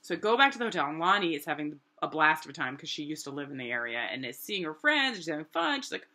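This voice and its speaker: Animated low-voiced woman storyteller. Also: quick pace, few pauses. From New Hampshire, USA. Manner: animated, rambling, many "like" fillers, acts out quotes. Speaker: artist and vlogger. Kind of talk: casual personal storytelling.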